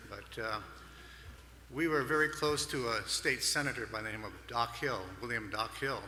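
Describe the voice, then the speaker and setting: A man's voice: mid-range voice, sharp tone, a little hiss or hum. An older man from Hawaii giving a folksy, rambling award speech full of old stories and fillers. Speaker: award speaker. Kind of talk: storytelling speech. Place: large banquet hall on stage. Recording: echoey hall with long reverb.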